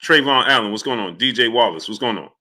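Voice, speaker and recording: Animated man hosting a live stream. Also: mid-range voice, quick pace. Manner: animated, heated, shouts out chat names. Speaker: livestream host. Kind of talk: live stream chat reacting to viewers.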